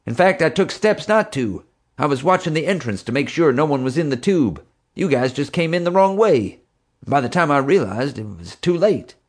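A man's voice: fairly high pitch, lively intonation, moderate pace, pitched above the performer's own voice. A man voicing a frightened, whiny crooked man who shrieks and pleads in panic. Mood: panicked.

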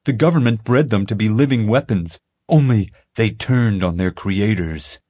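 A man's voice: on the low side, moderate pace, dark tone, breathy edge, voice pushed up. A man voicing a doubtful, conspiracy-minded boy in an audiobook. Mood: conspiratorial. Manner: doubtful, dramatic.

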